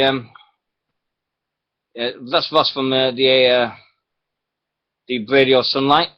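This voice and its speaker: A man hosting a wrestling radio show, rambling and laughing as he tells stories. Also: medium pitch. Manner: chatty, rambling, laughs often, animated storytelling. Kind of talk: casual radio chat. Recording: dull lo-fi internet radio audio.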